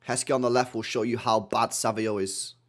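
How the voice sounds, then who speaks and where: A young man hosting a live football watchalong, reading chat and reacting in an animated, teasing way. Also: mid-range voice.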